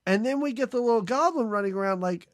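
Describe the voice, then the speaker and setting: A man's voice: very high voice, expressive, fast, slight background noise. A man co-hosting a casual movie podcast, recapping scenes with sarcasm and frequent laughs. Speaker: podcast co-host.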